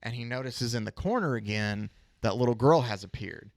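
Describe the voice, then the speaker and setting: A man's voice: mid-range voice, lively intonation, fairly quick, gravelly, no echo. A man co-hosting a podcast, casually recapping a comic and acting out the characters' lines in a loose, filler-heavy way. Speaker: podcast co-host.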